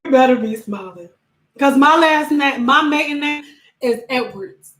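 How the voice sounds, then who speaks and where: A woman's voice: sits high, a little slow. A young woman telling funny stories in a casual chat, laughing often and acting out other people's voices. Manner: laughing, animated, acts out voices in quotes. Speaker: vlogger. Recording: echoey room.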